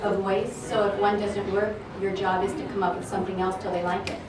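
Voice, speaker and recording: A voice actress on a convention panel, telling a story in a lively way and laughing as she goes. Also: mid-range voice, brisk, background noise. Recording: echoey hall, distant mic, loud crowd.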